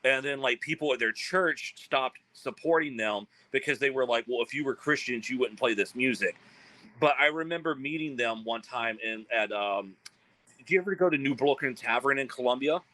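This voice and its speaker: A man from South Carolina, a guest telling animated stories in a casual interview and acting out quoted voices. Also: medium pitch, moderate pace, dry recording, poor audio. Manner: animated, acts out quoted voices, many fillers. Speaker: guest, band frontman.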